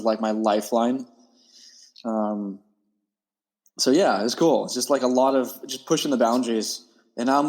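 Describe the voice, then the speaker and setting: A man's voice: medium pitch, darkish tone, long reverb tail. A man, a podcast guest talking casually in a laid-back, rambling way. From United States. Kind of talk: casual interview chat.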